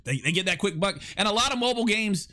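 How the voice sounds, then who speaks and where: A young man with a high-sitting voice, lively intonation, a quick pace and a sharp tone hosts his first live podcast and stream. He chats casually and rambles, stammering as he reads out viewers' chat messages and answers them.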